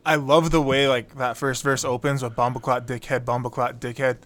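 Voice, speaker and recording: Chill guy on a podcast talking lyrics, swears a lot, mid pitch. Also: flat delivery, fairly quick, fairly bright tone. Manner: laid-back, swears casually, stammers on restarts. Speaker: podcast co-host. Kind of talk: casual album review chat.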